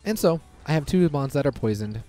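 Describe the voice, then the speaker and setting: A young man giving casual, excitable commentary over his own gameplay, reacting loudly to lucky and unlucky rolls. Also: a little high, a little fast. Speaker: gaming commentator. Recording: faint background music.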